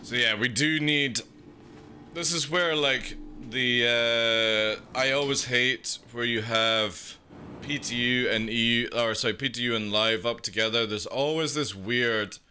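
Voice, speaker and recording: A man, chatting casually on a game stream, swearing freely and riffing excitedly. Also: mid-range voice, measured pace, a little hiss or hum. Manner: swears freely, excitable, laughs and riffs aloud. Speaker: gaming streamer. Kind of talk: casual live-stream chat over gameplay. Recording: game sounds clearly audible behind.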